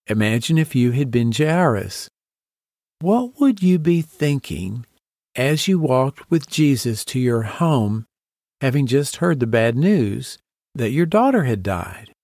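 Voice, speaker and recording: A man's voice: on the high side, darkish tone, no room sound, studio quality. A man hosting a devotional podcast, teaching through a Bible story in a reflective way and asking listeners to picture themselves in it. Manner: reflective, asks the listener to imagine the scene.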